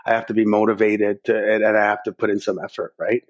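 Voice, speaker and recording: Husky-voiced man telling a personal story. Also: on the low side, quick pace. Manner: lively storyteller who acts out his own thoughts. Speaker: guest. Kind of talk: personal storytelling in a podcast interview.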